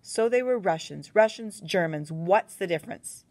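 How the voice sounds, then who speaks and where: A sharp, suspicious young woman, read by a woman narrator, firing accusing, demanding questions. Her voice sits low, with a gravelly fry beneath it. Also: lively intonation, normal speed, no room sound. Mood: probing.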